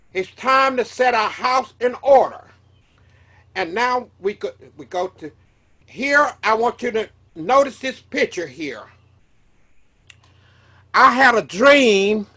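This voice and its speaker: A man's voice: high voice, sharp tone. A man, telling a personal testimony as a sermon in an earnest way, often repeating and restarting his words. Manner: earnest storytelling with repetitions and restarts. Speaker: preacher.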